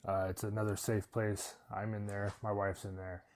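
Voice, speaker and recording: A man's voice: on the low side, little pitch movement, moderate pace, darkish tone. A man hosting a live panel chat, earnest and plain-spoken with frequent "um" fillers and some swearing. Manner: earnest, profane, filler-heavy. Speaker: host of live discussion panel.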